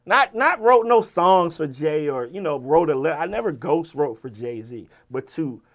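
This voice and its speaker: Animated, profane storytelling man. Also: on the high side, a little slow. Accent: Virginia. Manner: animated, profane, quotes people in lively voices. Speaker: interview guest, rapper and writer. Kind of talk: casual storytelling.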